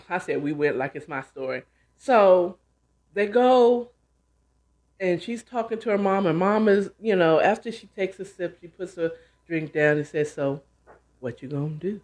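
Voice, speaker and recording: A woman host casually retelling a novel she's reading, with chatty, animated asides. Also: lowish voice, measured pace. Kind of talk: casual book retelling and commentary.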